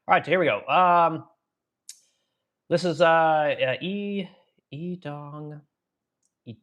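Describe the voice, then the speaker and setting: A man with a slightly high, fairly bright voice hosts a live stream, ranting bluntly and profanely about the economy. He reads viewer comments and rambles off into asides to his audience in this casual political rant.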